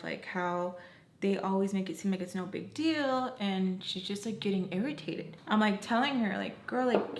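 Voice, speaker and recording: Young woman, casual storytime, chatty, filler-heavy, echoey room, faint background noise. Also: medium pitch. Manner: chatty, lots of "like", acts out quoted voices. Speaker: makeup artist and vlogger.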